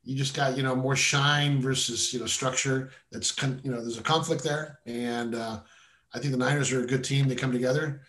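A man's voice: medium pitch, steady tone, normal speed, fairly bright tone. A man from the San Francisco Bay Area giving his weekly sports betting picks in casual, playful chat. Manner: confident, playful, talks in bursts. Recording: roomy echo.

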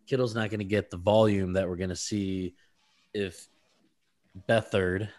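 A man co-hosting a casual sports podcast, rambling through his analysis with quick laughs and stumbling over names. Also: sits low, flat delivery, darkish tone. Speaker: podcast co-host.

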